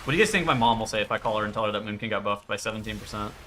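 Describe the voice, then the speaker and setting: A man's voice: lowish voice, rapid-fire, sharp tone, a little hiss or hum. A man streaming live, chatting casually in a profane, rambling way.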